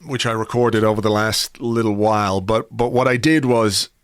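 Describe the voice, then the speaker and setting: A man hosts a casual podcast chat, rambling along with plenty of fillers and restarts. He sounds a touch hungover, his voice sitting a little low. The recording is dry and close, with no room sound. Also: steady tone, moderate pace, smooth, no room sound. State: slightly hungover. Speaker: podcast host.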